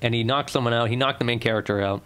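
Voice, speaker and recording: A man's voice: medium pitch, steady tone, racing, fairly bright tone, smooth. A young man with a Boston accent co-hosting a podcast in casual banter, rambling with lots of fillers and restarts. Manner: rambling, many fillers and restarts, laughs often. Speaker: podcast co-host.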